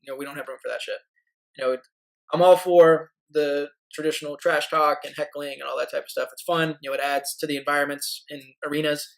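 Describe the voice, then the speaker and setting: A man co-hosting a sports podcast, talking casually and haltingly with lots of "you know" asides. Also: fairly high pitch, little pitch movement, creaky, low-quality recording. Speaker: podcast co-host.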